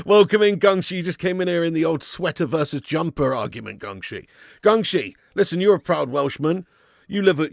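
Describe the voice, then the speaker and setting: A man's voice: a little high, vocal fry, dry recording, studio quality. A man hosting a live football watch-along stream, bantering and laughing as he reads out viewer messages.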